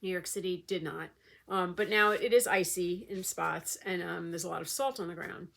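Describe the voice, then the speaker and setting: A woman's voice: fairly low pitch, normal speed, creaky, a bit bright. A woman vlogger talking in a casual, rambling way with many fillers. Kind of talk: casual chat.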